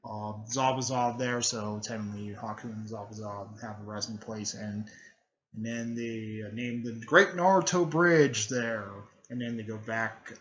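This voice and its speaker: A man casually retelling a fan-made story, hesitant and filled with pauses, fillers and a habitual tag word. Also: lowish voice, steady tone, a bit bright, muffled recording. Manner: hesitant, full of fillers and "there".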